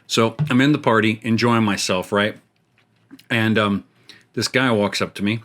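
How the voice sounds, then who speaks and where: A man's voice: lowish voice, steady tone, normal speed, a bit bright. A middle-aged man hosting a gaming show, telling a rambling, self-mocking story while he plays and often laughing at his own jokes. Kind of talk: casual storytelling while playing a game.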